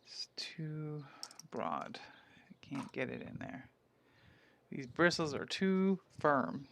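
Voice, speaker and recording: A man's voice: fairly high pitch, lively intonation, takes it slowly, creaky, fairly bright tone, slight background noise. A man co-hosting a casual painting stream, trading dry, joking banter while he paints.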